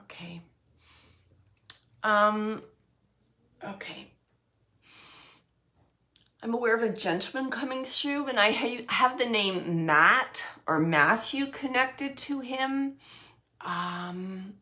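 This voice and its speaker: A woman medium gives a spirit reading to a sitter in an earnest, emotional way. Her voice is bright and forceful, and she speaks slowly and deliberately. She laughs often and sometimes goes soft and hushed. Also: a little high, animated. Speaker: psychic medium.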